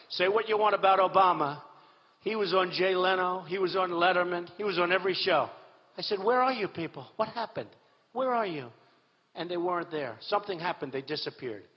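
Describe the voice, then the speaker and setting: A man giving an off-the-cuff campaign speech to a rally, rambling, boastful and repetitive, on a podium microphone in a large hall. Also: a little high. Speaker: political candidate addressing a rally. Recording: dull hall recording with long reverb.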